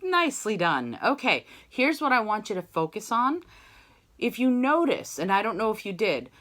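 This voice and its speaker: A woman with a mezzo voice teaches an online singing lesson, chatty and encouraging. Her tone is bright and ringing, at an ordinary middle pitch. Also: sing-song, normal speed. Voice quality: mezzo-soprano voice. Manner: chatty and encouraging, sings short demo phrases.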